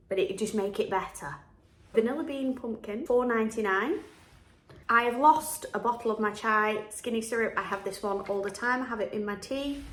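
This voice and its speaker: Chatty woman in an echoey room. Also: on the high side. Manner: chatty and upbeat, laughs often. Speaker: vlogger. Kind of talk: casual chat to camera. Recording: echoey room with faint music.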